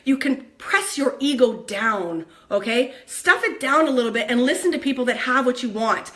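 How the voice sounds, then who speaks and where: Speaking straight to the camera in an upbeat motivational vlog, a woman with a high, bright voice coaches her viewers at a normal speed. She works in online network marketing and comes across as bubbly and excitable.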